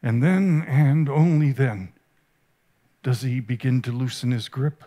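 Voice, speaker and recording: A man giving a sermon at a conference, earnest and vivid, with halting restarts. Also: medium pitch, dark tone. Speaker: conference speaker. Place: conference stage.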